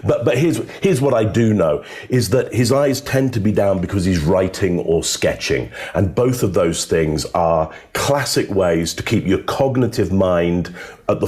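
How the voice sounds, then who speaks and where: A man, a body language analyst, giving measured casual commentary on video clips with some filler words. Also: sits low, darkish tone.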